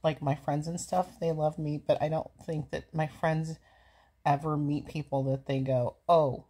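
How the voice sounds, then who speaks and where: Woman, forties, husky breathy voice, slightly low pitch, chatty and sarcastic, a bit winded, casual rambling. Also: level tone, moderate pace, mellow. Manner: chatty, sarcastic, easily amused. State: a little out of breath from walking. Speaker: vlogger reacting to a movie.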